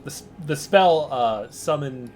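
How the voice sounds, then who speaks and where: A man narrating as game master in a relaxed way, with loose fillers and chuckles. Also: medium pitch, measured pace, soft background music.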